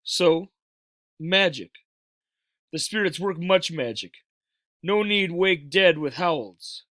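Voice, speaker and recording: A man's voice: fairly high pitch, animated, slow pace, fairly bright tone, no room sound, clean studio sound. A man voicing a tiny, stern, proud warrior who speaks in short clipped phrases, as a storybook read-aloud. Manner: gruff, broken clipped phrases.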